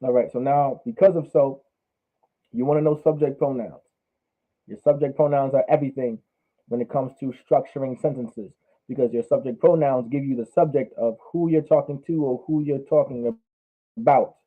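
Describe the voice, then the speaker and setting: A man teaching a language class online, drilling words by repeating them slowly. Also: mid-range voice, steady tone. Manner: repetitive, drills pronunciation slowly. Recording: phone-like narrow sound.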